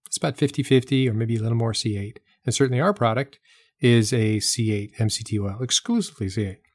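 A man's voice: medium pitch, quick pace, no room sound, clean studio sound. A man giving a casual explanatory talk as host, emphatic, repeating his points and asking rhetorical questions. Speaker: health talk host selling products.

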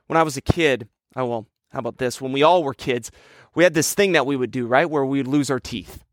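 A man preaching a sermon, telling a childhood story in a lively, conversational way. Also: medium pitch, a little fast, dry recording, studio quality. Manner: storytelling, animated with childhood anecdotes. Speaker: pastor.

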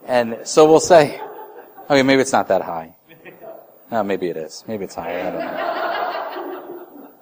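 A man's voice: fairly low pitch, wildly swooping pitch, a little slow, pauses often, a little mellow, slight background noise. A man in his thirties preaching a sermon in a conversational way, restarting phrases and acting out short voices. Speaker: pastor.

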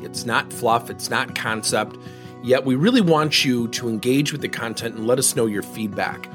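A man hosting a coaching podcast, telling a client story in an animated way. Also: mid-range voice, husky. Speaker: podcast host and business coach.

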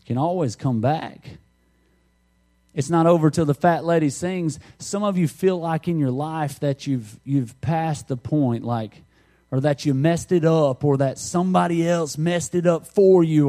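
A man's voice: on the high side, measured pace, warm tone. A middle-aged man, preaching a conversational sermon through folksy stories and jokes. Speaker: pastor.

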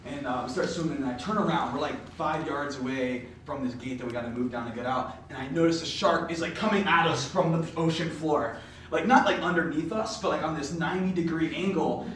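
A young man with a fairly high voice tells his faith story as an animated, casual storyteller. He speaks in a very echoey room, picked up from a distance. A faint hiss sits under his voice. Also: a little fast. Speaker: podcast host giving a faith testimony. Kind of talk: personal testimony speech. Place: indoor room with an audience. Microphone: distant mic.

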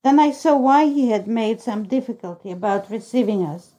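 A woman narrating a novel in the first person, reading in a steady, even storytelling way. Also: a little high, moderate pace, low-quality recording. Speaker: audiobook narrator.

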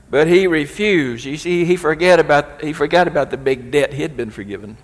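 A man's voice: medium pitch, long reverb tail. A man preaching a sermon as pastor, reading scripture aloud with rising emphasis.

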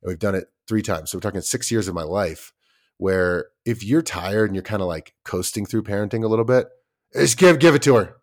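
A man's voice: low-pitched, brisk, a little mellow. A man in his thirties co-hosting a parenting podcast, chatting casually in loose, rambling stories full of fillers and the odd swear word. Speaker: podcast co-host. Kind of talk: casual chat.

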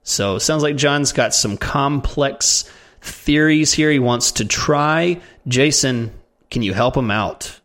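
A man's voice: mid-range voice, takes it slowly, fairly bright tone. A man co-hosting a casual podcast, joking at his own expense, then reading a listener's question aloud. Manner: jokey, laughing, self-deprecating. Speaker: co-host.

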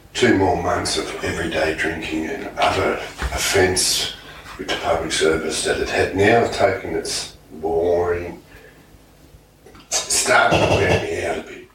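A man spins crude stories in a fairly low voice, laughing through his lines and swearing constantly. He is recorded from a distance in a very echoey room. A clear background hiss sits under him. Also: fairly bright tone. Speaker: podcast host. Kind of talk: casual storytelling.

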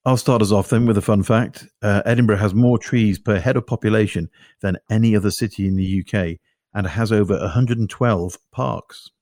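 A man's voice: fairly low pitch, fairly even intonation, normal speed, darkish tone, dry recording, studio quality. A man talking on a podcast as a regular guest, matter-of-fact as he gives facts and figures. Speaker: property investment expert guest. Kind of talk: casual podcast chat.

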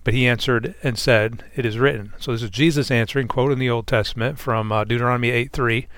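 A man's voice: medium pitch, steady tone, fast, a bit bright, dry recording. A man on a Bible discussion panel speaking earnestly and reflectively, often repeating words as he gathers his thoughts.

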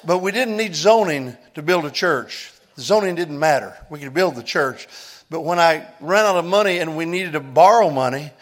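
An older man, a pastor telling a story in a sermon that builds into loud preaching and an altar call. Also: fairly high pitch, expressive, moderate pace.

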